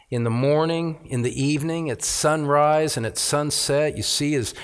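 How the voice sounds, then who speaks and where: A man's voice: fairly high pitch, smooth. A middle-aged man preaching a sermon, reading scripture aloud and stressing key words with rising emphasis as a pastor. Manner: reads scripture aloud, slowing on phrases.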